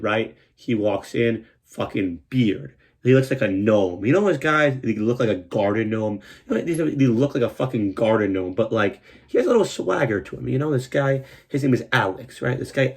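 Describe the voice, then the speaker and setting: A man telling a comic story about an old job, swearing a lot and acting out what people said in a raised, excited voice. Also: breathy edge. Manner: animated, swears a lot, acts out quotes in a higher voice. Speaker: comedian host telling a story. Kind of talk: profane comedic storytelling.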